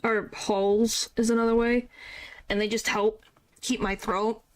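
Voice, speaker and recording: Playful girl streamer chatting thru a game, kinda high voice, jokey. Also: flat delivery, unhurried. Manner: playful, chatty, mild joking swears. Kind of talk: casual game stream chat.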